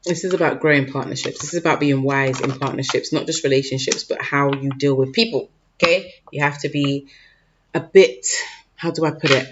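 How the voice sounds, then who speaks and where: Man giving a casual tarot reading. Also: fairly high pitch. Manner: informal, peppered with "okay?" and "like", loose slangy phrasing. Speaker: tarot reader. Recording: dull lo-fi recording with faint noise.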